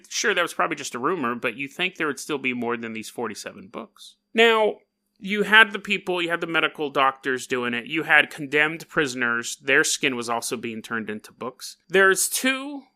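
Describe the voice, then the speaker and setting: A man's voice: fairly high pitch, pushed and bright. A man hosting a podcast in casual talk, joking and chuckling through his asides. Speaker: podcast host.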